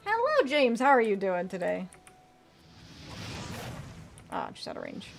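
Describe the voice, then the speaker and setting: A woman's voice: medium pitch, wildly swooping pitch, measured pace, vocal fry, soft background music. A woman streaming a video game, chatting casually, reading out and answering her chat and swearing now and then. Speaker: VTuber streamer. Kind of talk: casual live-stream gameplay commentary.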